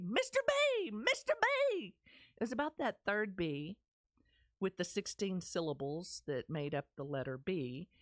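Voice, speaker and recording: A woman's voice: lowish voice, no echo, clean studio sound. Texan woman telling her story theatrically. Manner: animated, theatrical, humorous delivery. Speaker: speaker sharing her life story. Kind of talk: personal storytelling talk.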